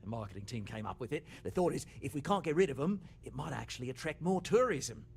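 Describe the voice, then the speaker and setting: A man's voice: medium pitch, animated, quick pace, creaky, a little hiss or hum. An actor playing an upbeat resort executive with an Australian accent, talking like a salesman in video game dialogue. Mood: salesy. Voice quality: chatty, salesman-like with chuckles.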